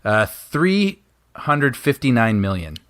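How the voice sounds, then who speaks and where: A man co-hosting a relaxed movie commentary, his pitch jumping around in a lively way. He laughs often and trails off mid-thought. The sound is dry and close, with no room echo. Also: slow pace. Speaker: podcast co-host.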